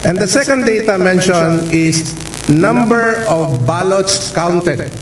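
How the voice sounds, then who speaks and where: A man making a formal statement as a lawyer before a canvassing board, deliberately stressing key words. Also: high-pitched, expressive. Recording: echoey, distant, hum and static.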